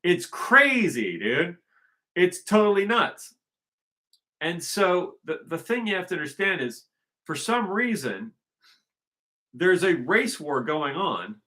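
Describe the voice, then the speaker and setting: A man's voice: a little high, sing-song, unhurried, bright, forceful tone. A man talking in a casual unscripted monologue, rambling and emphatic, often circling back to restate his point. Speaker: vlogger.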